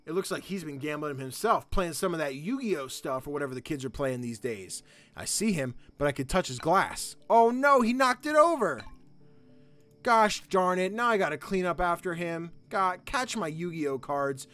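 Excitable man doing let's play commentary. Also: a little high, normal speed. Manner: excitable, goofy, thinks out loud. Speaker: gaming channel host.

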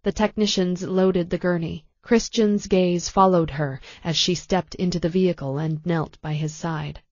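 Woman narrating a novel, low and dry. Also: no room sound, muffled recording. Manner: calm, measured storytelling. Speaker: audiobook narrator. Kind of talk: scripted narration.

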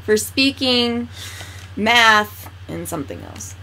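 A woman chatting casually beside a friend's gameplay, reading aloud haltingly and stumbling over words. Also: a little high, animated, bright, forceful tone, slight background noise. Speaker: game co-host. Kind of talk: casual chat.

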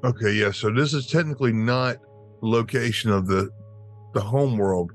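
A man's voice: mid-range voice, normal speed, faint music behind. A man playing a tabletop game, methodically working through the rules. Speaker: player.

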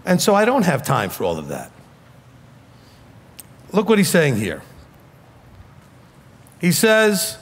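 A rabbi with a New York accent delivers a blunt, emphatic sermon. His voice sits high and swings widely up and down as he presses his points. It rings with the long reverb of a hall. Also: wildly swooping pitch, slow, long pauses, breathy edge.

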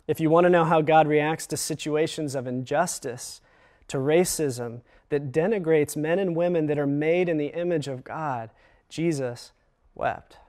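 Guy preaching a chapel sermon, earnest and slow at the big moments, lots of pauses. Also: fairly high pitch, a little mellow. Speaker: chapel speaker.

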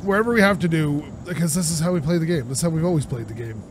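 A man's voice: fairly high pitch, rapid-fire. A young man with a sore throat, chatting and laughing as he plays a driving game. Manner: chatty, rambling, laughs often. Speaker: gaming channel host. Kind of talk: let's play commentary. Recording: game engine noise underneath. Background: car engine and game ambience.

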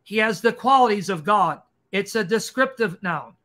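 A man with a high, bright voice leads a livestream Q&A. He lectures emphatically and fast, pressing each point home. His delivery has a combative edge. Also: expressive. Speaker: Christian apologist host. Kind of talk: livestream teaching Q&A.

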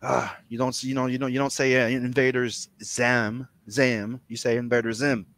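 A man from Canada hosting a casual podcast chat, animated and profane, often stammering and restarting his sentences. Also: mid-range voice, fast. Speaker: podcast host.

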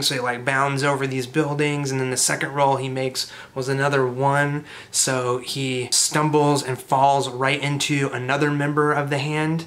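A man's voice: medium pitch, a bit bright. Man casually recapping a game session. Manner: loose and rambling, with many filler "like"s. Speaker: storyteller recapping a tabletop campaign.

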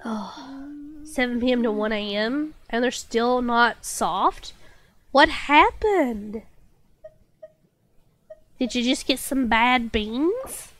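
A woman's voice: a little high, takes it slowly, fairly bright tone, slight background noise. A woman game streamer chatting casually and reading chat aloud, still getting over a cold with a slight cough and stuffy nose.

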